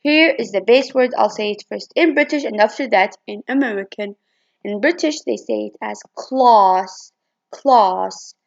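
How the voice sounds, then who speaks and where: A woman reads out a phonetics lesson in a fairly high voice with a gravelly edge of fry. She stumbles and restarts now and then as she goes through her slides. The recording sounds dull and lo-fi. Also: normal speed. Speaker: student presenter. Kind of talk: reading a phonetics presentation.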